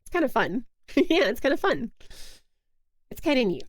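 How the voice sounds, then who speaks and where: A woman's voice: sits high, big pitch swings, normal speed, dry recording. A young woman streaming a game, chatting casually in a giggly, self-mocking way into a close mic. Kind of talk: casual live-stream chat.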